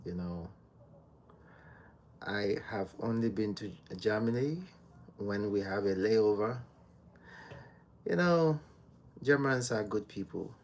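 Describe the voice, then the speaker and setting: Slow, soft-spoken man chatting on a livestream. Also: lowish voice, slight background noise. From Nigeria. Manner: soft-spoken, slow and unhurried, greets viewers by name. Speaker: livestream host. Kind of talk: casual live-stream chat with viewers. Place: home.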